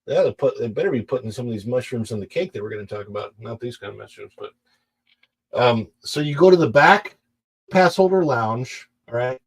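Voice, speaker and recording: A man's voice: medium pitch, expressive, fairly quick, slightly rough, low-quality recording. Chatty man rambling on a livestream. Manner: rambling, self-correcting, chatty. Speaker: livestream host. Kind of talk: casual chat to viewers.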